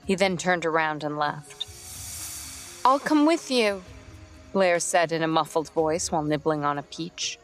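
A woman narrating a storybook in a steady, even read. Her voice sits on the low side, with faint music playing under her. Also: normal speed, hardly any pauses. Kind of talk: scripted narration.

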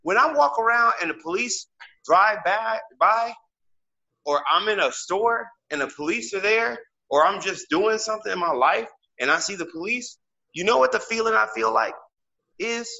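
A man with a fairly high, bright voice talks in an emphatic, casual podcast style, filling his sentences with "like." The audio is muffled and lo-fi. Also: lively intonation, moderate pace, gravelly. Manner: emphatic, loaded with "like" fillers. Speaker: podcast co-host.

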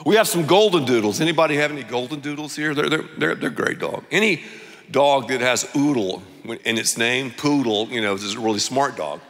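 A man preaching a sermon as pastor, telling a lively, jokey story and acting out other people's voices. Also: medium pitch, a little fast. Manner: animated, jokey, acts out voices. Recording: long hall reverb.

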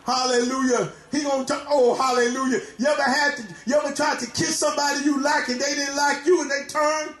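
A man preaching a sermon, often shouting and crying out hallelujah. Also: very high voice, level tone, a little fast, hardly any pauses, roomy sound, soft background music. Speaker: pastor. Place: church.

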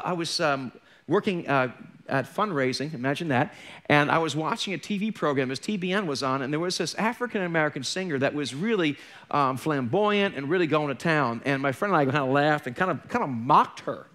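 In a church, a middle-aged pastor preaches a sermon in a candid, conversational way, tossing in joking asides. His voice is on the high side, a bit bright, animated, and fairly quick.

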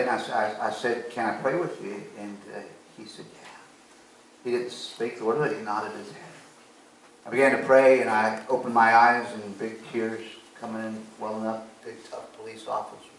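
A man's voice: mid-range voice, flat delivery, normal speed, a bit bright, slight background noise. A man preaching a sermon, telling a personal story in an earnest way and acting out the conversations. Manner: earnest storytelling, acts out dialogue. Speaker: pastor. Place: church sanctuary. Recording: echoey church from a distance.

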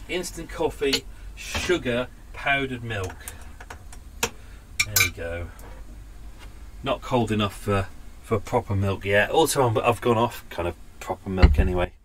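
A podcast host talks in a loose, rambling way from inside his moored canal boat. His pitch swings widely as he drifts between topics, and he often mocks himself along the way. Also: lively intonation, unhurried, long pauses, noisy background. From England. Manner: chatty, rambling, self-mocking asides. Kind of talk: casual rambling chat.

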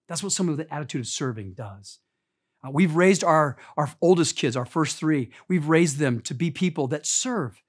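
A middle-aged man preaching as a pastor, his voice sitting a little high for a man. He is earnest, pushing key words out loudly, then dropping to a soft, hushed tone when he tells personal stories. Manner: earnest, swings from loud emphasis to soft, hushed storytelling. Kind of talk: sermon.

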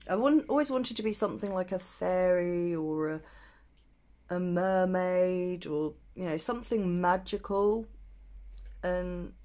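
A young woman's relaxed makeup vlog, spoken slowly in a lowish voice. She muses over each question, pausing with plenty of ums and teasing herself gently. It sounds close and casual, like she's talking to camera while working. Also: gravelly. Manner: thinking aloud with many ums, self-teasing. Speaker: beauty vlogger. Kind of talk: chatty makeup tutorial vlog.

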